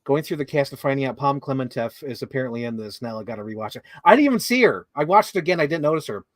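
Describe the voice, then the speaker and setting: A man co-hosting a casual movie chat, animated, laughing often and acting out lines he quotes. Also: medium pitch, very fast, no room sound. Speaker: co-host.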